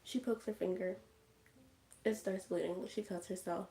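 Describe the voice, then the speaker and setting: A woman's voice: lowish voice, steady tone, normal speed, dark tone. A woman casually recapping a movie on a livestream, chatty and full of "like" fillers. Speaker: streamer.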